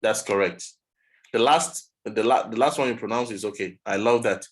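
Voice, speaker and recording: A man's voice: lowish voice, normal speed, low-quality recording. A man teaching pronunciation in a one-on-one online lesson, patiently modelling sounds for the student to repeat.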